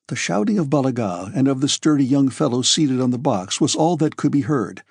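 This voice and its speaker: A male audiobook narrator with a husky voice at a middle pitch, reading in a measured, steady way. The recording is close and dry, with no room sound. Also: no echo.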